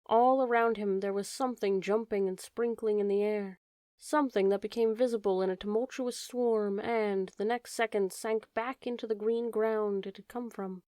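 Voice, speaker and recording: A woman reading an old fairy tale aloud in a gentle, measured way. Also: mid-range voice, fairly even intonation, dry recording, clean studio sound. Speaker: audiobook narrator. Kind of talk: storybook narration.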